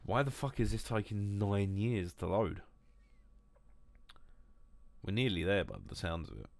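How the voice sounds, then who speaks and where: Male streamer, deep and dry, loose and sweary, drinking on stream. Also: measured pace, vocal fry, no echo. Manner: rambling, swearing, self-mocking. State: drinking whiskey. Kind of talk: casual live-stream chat.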